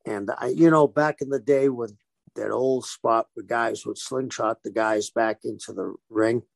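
Ex-wrestler guy telling a story, rough fry in his voice, does all the quotes himself. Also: medium pitch, unhurried, no echo. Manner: animated storyteller who acts out quoted dialogue. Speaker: guest, former pro wrestler. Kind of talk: casual storytelling interview.

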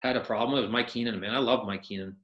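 Male guest, casual storyteller, bright tone, roomy echo. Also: lowish voice, fast, dull audio. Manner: animated storyteller acting out quotes, laughs often. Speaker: podcast guest, retired hockey player.

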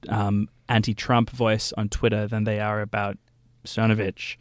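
A man's voice: on the low side, little pitch movement, measured pace, no room sound, clean studio sound. Blunt man arguing on a radio panel.

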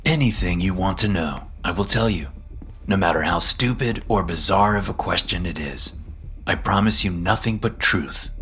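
A man voicing Lucifer, a smug and mocking male devil who speaks calmly and knowingly in a horror story reading. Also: low-pitched, normal speed, slight background noise.

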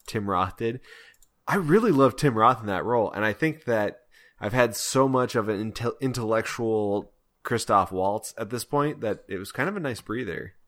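A man's voice: on the low side, expressive, normal speed, fairly bright tone. A man co-hosting a podcast, talking over films in a thoughtful, hesitant way that often trails off. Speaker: podcast co-host. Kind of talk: casual film discussion.

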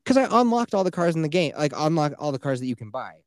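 A man's voice: on the high side, very animated, quick pace, darkish tone, dry recording. Man, 30s, podcast co-host. Casual, swearing storyteller who slips into quoted voices. Dry, close mic. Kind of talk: casual chat.

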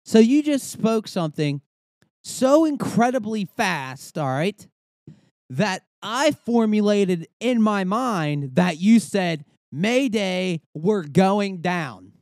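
A man's voice: sits high, big pitch swings, slow, a little mellow, dry recording, clean studio sound. A young man hosting a podcast, ranting casually with swearing and rambling asides. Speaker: podcast host. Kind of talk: casual comedic rant.

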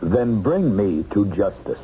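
A fugitive who has been found out and speaks quietly and calmly. His voice is low and dark. The old television soundtrack is dull and faintly hissy. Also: unhurried. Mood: resigned. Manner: quiet, composed. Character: unmasked male fugitive, calm and resigned.

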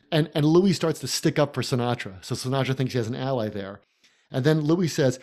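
A man's voice: medium pitch, fairly quick. Man retelling a film scene with enthusiasm. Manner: animated storyteller, recounts scenes in detail. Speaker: podcast co-host. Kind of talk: casual film analysis.

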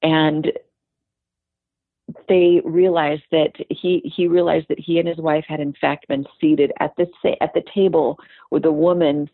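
A woman with a low voice tells a story with animated quoted voices. The sound is narrow and phone-like, and the room is dry. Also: measured pace, dry recording. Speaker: guest storyteller. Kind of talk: podcast conversation, storytelling.

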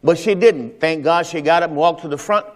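A man's voice: on the high side, a little fast. A male pastor a Sunday sermon, speaking conversationally to his congregation and telling personal stories. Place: church sanctuary during Sunday service. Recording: reverberant church hall.

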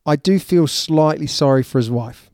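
New man, podcast co-host, teasing, mellow tone, dry sound. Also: fairly high pitch, normal speed, dry recording. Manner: joking, teasing banter. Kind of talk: casual chat.

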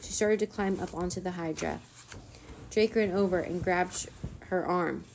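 Low, gravelly woman reading a storybook. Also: measured pace, a little hiss or hum. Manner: steady, even read-aloud narration. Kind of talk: reading a children's chapter book aloud.

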